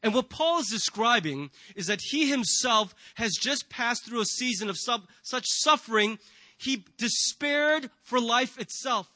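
Pastor guy giving a sermon, earnest and emphatic, lots of rhetorical questions, bright voice. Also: extremely high pitch, animated, unhurried, no room sound. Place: church sanctuary with a congregation.

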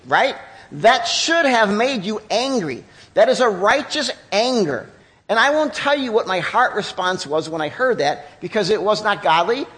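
Lively high-voiced male preacher. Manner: conversational, candid preaching with emphatic pauses. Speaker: pastor. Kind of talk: sermon.

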